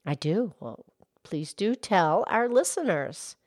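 Woman doing a sweet mama cow voice, low and hushed, slow and approving. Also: animated, dry recording, clean studio sound. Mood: gentle. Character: gentle motherly old cow friend. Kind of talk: children's podcast character voice.

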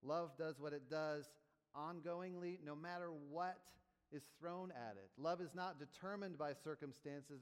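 A man's voice: fairly high pitch, measured pace, smooth. A man preaching a sermon, moving between explaining and building emphatic repeated phrases. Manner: emphatic rhythmic preaching with teaching asides. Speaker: pastor. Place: church sanctuary. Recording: long reverb of a church hall.

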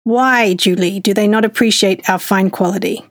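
A woman's voice: medium pitch, steady tone, normal speed, natural voice. A proud, aggrieved Italian tailor as a woman quotes him, pleading about his craft. The sound is dry and close, with no room echo. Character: distraught Italian male tailor, middle-aged, proud.

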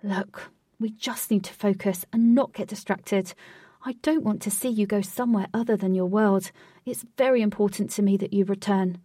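A woman's voice: medium pitch, fairly even intonation, normal speed, dark tone, dry recording, clean studio sound, recorded from a distance, close to an everyday voice. A woman voicing Wraith, a serious male guide who patiently lectures his companion in a storybook reading. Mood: earnest.

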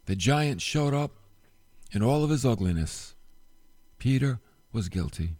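A man preaching a sermon, retelling a Bible story with animated storytelling and rhetorical questions, going low and soft at solemn moments. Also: a little slow, no echo. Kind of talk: sermon podcast.

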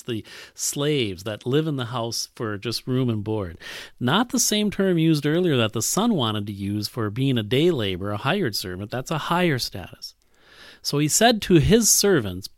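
A man preaching an expository sermon on a Bible passage, emphatic and animated, often trailing off softly at the ends of phrases. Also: mid-range voice, dry recording, studio quality.

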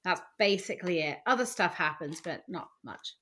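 Woman, podcast co-host, casual chat, lower voice, bright and forceful tone. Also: animated, normal speed, a little hiss or hum. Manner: chatty, self-deprecating, opinionated.

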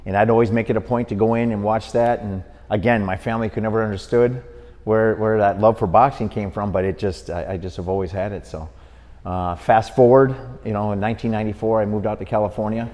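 A man's voice: fairly low pitch, brisk, long reverb tail. A middle-aged man from Wisconsin, a boxing referee and podcast guest, telling a long story and acting out the people he quotes. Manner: lively storyteller who acts out the people he quotes. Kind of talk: storytelling in an interview.

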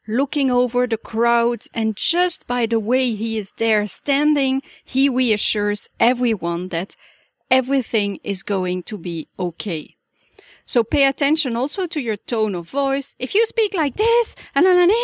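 A woman hosting her own podcast, giving calm step-by-step leadership advice in a measured, instructive way. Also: fairly high pitch, dry recording, studio quality. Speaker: podcast host. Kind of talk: solo podcast coaching talk.

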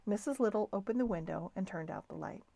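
A woman's voice: mid-range voice, fast talker, vocal fry, dry recording. Woman reading a children's book aloud. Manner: calm, expressive storytelling. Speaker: storybook reader.

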